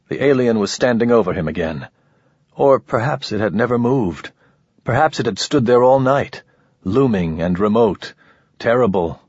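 Low husky guy reading a story, dry dull-sounding recording. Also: no room sound. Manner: dramatic, measured storytelling. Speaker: audiobook narrator. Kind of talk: scripted narration.

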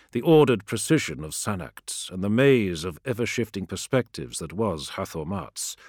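A man narrating a fantasy audiobook in a steady, darkly dramatic way. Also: low voice, dry recording, studio quality.

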